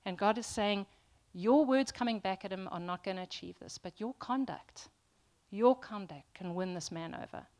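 A woman's voice: medium pitch, moderate pace, darkish tone. A woman preaching a sermon to a congregation, earnest and emphatic, often restarting with ums.

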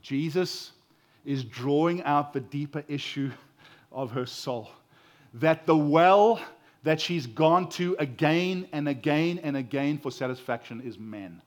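A man's voice: a little high, measured pace. Earnest South African male preacher. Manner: earnest, expressive, rising and falling emphasis. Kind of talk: sermon.

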